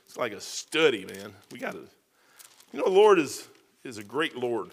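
A man's voice: medium pitch, sing-song, moderate pace, gravelly. A man, preaching a folksy sermon with casual asides and self-mocking humor. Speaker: pastor.

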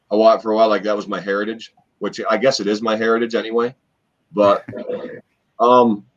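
A man and former wrestler, co-hosting a podcast, telling long stories in a rambling, animated way with lots of fillers. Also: medium pitch. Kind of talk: casual storytelling chat. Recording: dull lo-fi podcast audio.

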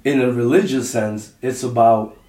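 A man's voice: medium pitch, normal speed. Man talking casually in a roomy echo. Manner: animated, repeats himself, slang-heavy. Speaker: podcast co-host. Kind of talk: casual chat. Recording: roomy echo, mic at a distance.

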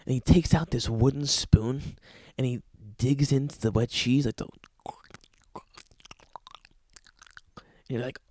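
A young man hosting a podcast, telling rambling, profane comedic stories in a casual, animated way. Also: mid-range voice, takes it slowly, long pauses, no room sound, clean studio sound. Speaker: podcast host. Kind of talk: casual comedic storytelling monologue.

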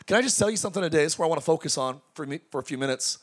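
Male pastor, high voice, energetic preaching with jokes and call-outs to the crowd. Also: rapid-fire, few pauses, husky. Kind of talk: sermon. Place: large tent church.

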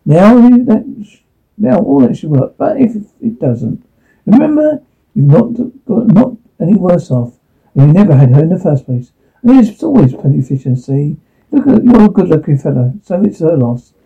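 A man's voice: sits high, big pitch swings, moderate pace, vocal fry, husky, heavily acted. A man putting on a reassuring woman friend. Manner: reassuring, upbeat. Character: kindly woman friend giving advice. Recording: tinny phone-like line.

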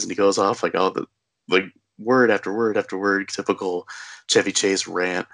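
Man, low voice, casual rambling recap, lots of fillers, dry close sound. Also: fairly even intonation, normal speed, gravelly, fairly bright tone, no room sound. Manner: rambling, filler-heavy storytelling with laughs.

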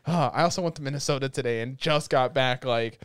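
A man's voice: medium pitch, fast, clear, resonant tone, no room sound. Ranting man on a podcast. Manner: animated ranting storyteller. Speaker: podcast co-host. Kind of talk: casual podcast chat.

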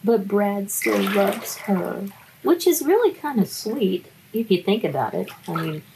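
A woman's voice: mid-range voice, sing-song, measured pace, gravelly, darkish tone, slight background noise, poor audio. A woman in a casual, wry book review chat who laughs often between her remarks.

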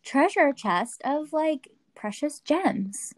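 A woman's voice: high voice, expressive, slow pace, no echo. Playful laughing woman, dry close sound. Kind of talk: casual chat.

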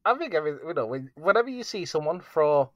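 A man's voice: on the high side, big pitch swings, fast, no room sound, highs cut off. A man co-hosting a podcast in casual chat, rambling with many fillers. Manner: rambling, laughing, filler-heavy. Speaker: podcast co-host.

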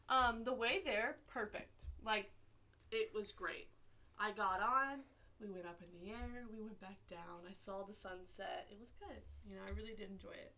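A bright, animated young woman co-hosts a casual podcast chat, telling stories and acting out quotes. Her voice is mid-range and her pace moderate.

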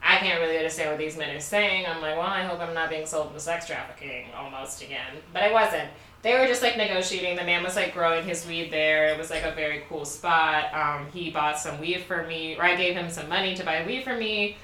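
A woman's voice: fairly low pitch, fairly quick, pushed and bright, slight background noise. A woman in her twenties co-hosting a podcast, telling a travel story in casual chat, candid and laughing, with lots of fillers. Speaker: podcast co-host. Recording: roomy, a bit far from the mic.

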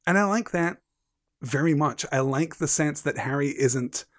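Man, book discussion host, fairly high-pitched, dry close recording, articulate, repeats words. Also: measured pace, dry recording. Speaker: podcast host. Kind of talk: literary discussion and read-aloud.

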